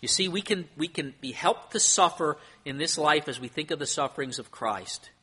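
A man's voice: a little high, expressive, normal speed, bright, forceful tone, slightly rough. A man preaching a sermon as pastor, earnest, with emphasis that rises and falls. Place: church.

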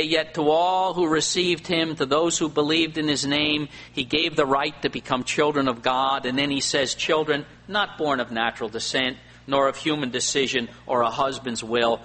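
A male pastor preaching a sermon, swinging between loud emphatic lines and quiet asides. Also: medium pitch, fairly even intonation, normal speed, hardly any pauses. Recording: faint hum and long hall reverb.

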